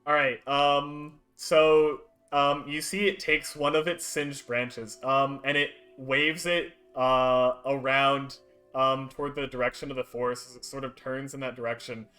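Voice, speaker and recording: A man's voice: mid-range voice, little pitch movement, measured pace, pushed and bright, soft background music. A man running a tabletop game as dungeon master, describing scenes hesitantly with many fillers.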